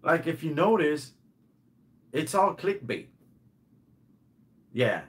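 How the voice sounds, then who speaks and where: A man's voice: a little high, sing-song, slow. A middle-aged man delivering an angry, mocking rant to the camera, swearing and repeating himself. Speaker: channel host.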